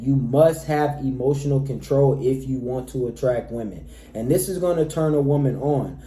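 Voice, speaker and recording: A man's voice: medium pitch, mellow, echoey room. A man giving dating advice to men, emphatic, addressing his listeners again and again as fellas. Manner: emphatic, repeatedly says "all right, fellas". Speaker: dating coach. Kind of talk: direct-to-camera advice talk.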